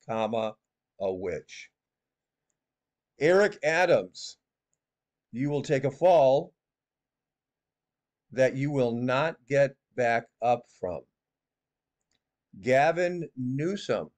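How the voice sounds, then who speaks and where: A man's voice: mid-range voice, a little mellow. A man giving casual critical commentary on a video, reading out claims and adding sarcastic, mocking asides.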